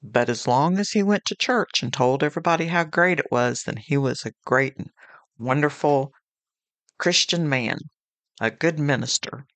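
This devotional podcast host is a woman with a low-pitched, slightly bright voice at normal speed, and there's no echo. She shares homely stories in an earnest, conversational way.

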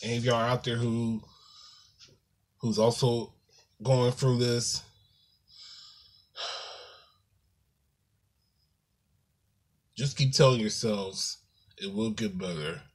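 A man speaks to his viewers at a slow, unhurried pace, in a mid-range voice. His casual talk is halting and apologetic, and he calls his audience "y'all". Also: mid-range voice, little pitch movement. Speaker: YouTuber.

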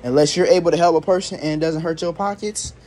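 A man's voice: a little high, fast talker, darkish tone, a little hiss or hum. Exasperated, profane young man ranting. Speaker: vlogger. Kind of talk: casual ranting monologue.

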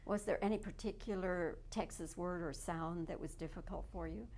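A woman's voice: lowish voice, steady tone, normal speed, slight background noise. Chuckling woman interviewer. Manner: warm, chuckling, complimentary questions. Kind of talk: casual interview.

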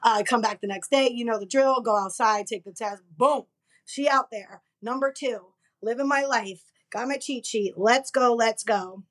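A young woman, a podcast guest, telling a story in brash, profane, animated casual chat. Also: a little high, moderate pace.

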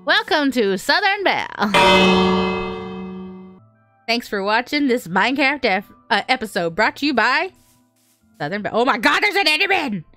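A woman hosting a gaming channel, chatting casually and excitably through gameplay, often squealing and laughing. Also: fairly high pitch, brisk, faint music behind.

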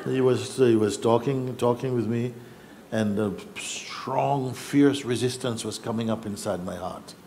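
A man telling a personal story in a reflective, halting way, acting out what others said. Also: mid-range voice, mellow, a little hiss or hum. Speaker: spiritual teacher.

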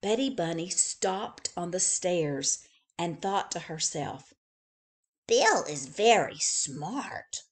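A woman librarian reading a picture book aloud to young children, slow and expressive. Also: medium pitch.

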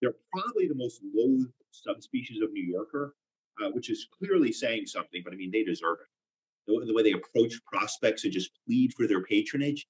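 A man's voice: lowish voice, animated, moderate pace, low-quality recording. Anxious, wry man in a comic solo monologue. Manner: anxious, obsessive repetitions, wry asides. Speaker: solo performer.

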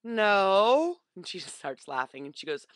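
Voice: mid-range voice, fairly even intonation, brisk, bright, forceful tone, no echo. A vlogger telling a story casually into a webcam, acting out the voices of the people in it.

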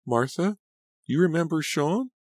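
Man doing a teenage girl, gossipy, breathless, high voice, rapid talk, dry close sound, audiobook. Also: lively intonation, no room sound. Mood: evasive. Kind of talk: audiobook character voice.

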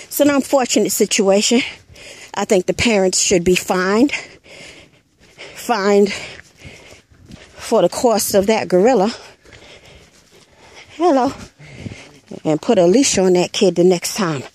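A woman's voice: medium pitch, unhurried, long pauses, a little mellow. A woman hosting her own channel, retelling a story in blunt, profane, casual commentary and punctuating her points with an emphatic "Hello.". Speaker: channel host.

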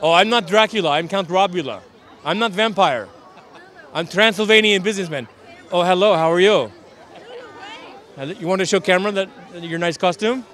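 Speaking a little fast with frequent pauses, this man has a high-pitched, fairly bright voice, and a faint crowd is audible. He is a street interviewer at an outdoor Halloween parade, playing a Transylvanian count who says he's a businessman and reassuring children in broken English.

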